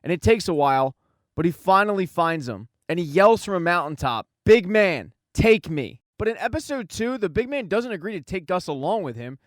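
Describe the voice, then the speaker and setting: A man narrating a scripted recap of a show, telling the story briskly and reading quoted lines plainly. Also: high-pitched, lively intonation, no room sound, clean studio sound. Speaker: recap channel host.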